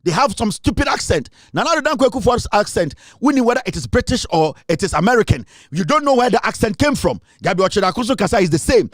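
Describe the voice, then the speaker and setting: A Ghanaian man with a high-pitched voice delivers a heated political rant. He sounds scornful and repeats his points. The recording is dry and close. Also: very animated, quick pace, few pauses, no echo. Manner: heated, scornful, repetitive, switching into Twi. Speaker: political commentator. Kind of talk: impassioned political monologue.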